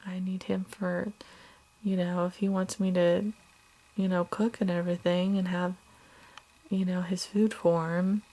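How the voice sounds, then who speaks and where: Mother recording an upset video diary, slow, flat, halting delivery, gravelly low tone. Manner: halting, hesitant, many fillers and restarts; subdued, drops at times to a whisper. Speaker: mother of two young children.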